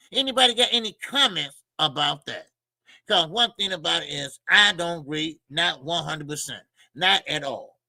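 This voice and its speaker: A man's voice: a little high, vocal fry, pushed and bright, no echo, low-quality recording. A male boxing show host, ranting heatedly and profanely on a livestream.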